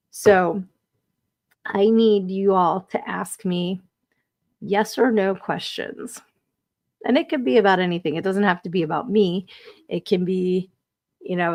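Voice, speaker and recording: A woman's voice: medium pitch, darkish tone. A woman hosting a live podcast stream, chatting casually, reading viewer comments aloud and laughing often. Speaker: podcast host.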